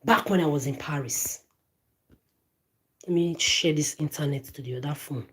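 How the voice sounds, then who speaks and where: Speaking in a low, animated voice at a moderate pace, a woman vlogger delivers an angry rant directly to her phone camera. She swears often, stammers, and keeps repeating words and phrases.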